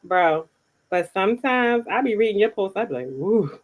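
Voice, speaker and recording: A woman's voice: medium pitch, normal speed, background noise. A woman co-hosting a casual talk show, reading viewer comments aloud and laughing often. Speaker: co-host. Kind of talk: casual chat.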